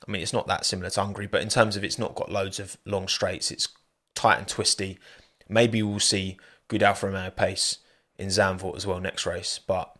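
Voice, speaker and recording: Casting: male podcast host, low-ish voice, chatty and jokey solo chat. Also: fairly bright tone. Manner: chatty, jokey, thanks listeners by name. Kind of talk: solo post-race chat.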